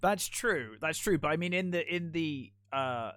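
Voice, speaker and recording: A man's voice: fairly high pitch, expressive, a little slow, fairly bright tone, no echo, clean studio sound. A man co-hosting a podcast, chatting casually about a film, rambling with restarts and frequent laughs. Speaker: podcast co-host. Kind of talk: casual film review chat.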